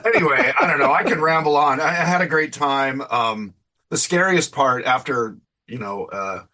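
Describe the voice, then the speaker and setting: A man's voice: mid-range voice, animated, moderate pace, pushed and bright. A man in his fifties, an interview guest, chatting casually with a rambling, self-deprecating manner and frequent laughs.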